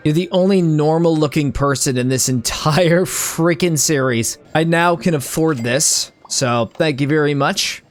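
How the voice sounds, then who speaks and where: A young man doing comedic gameplay commentary, joking, stammering and repeating words, and bursting into loud squeals. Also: on the high side, a little slow, few pauses, soft background music. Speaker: streamer.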